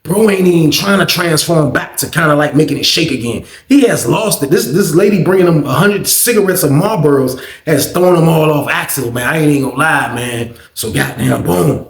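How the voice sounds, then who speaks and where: Male storyteller, animated and profane, fairly high voice, roomy echo. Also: fairly quick, hardly any pauses. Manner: profane, animated, repeats "you know what I mean". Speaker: storytelling vlog host. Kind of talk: casual storytelling.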